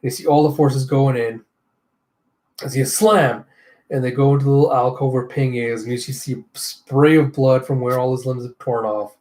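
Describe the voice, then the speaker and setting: A man with a mid-range voice hosts a casual comic readthrough. He narrates in a chatty, relaxed manner, sprinkling in spoken sound effects. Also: medium pitch, moderate pace.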